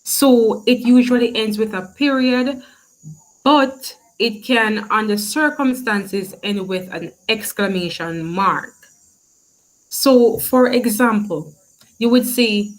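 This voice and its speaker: A woman's voice: on the high side, low-quality recording. A woman teaching a grammar lesson, asking questions and praising the class often. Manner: slow, encouraging, asks questions and praises.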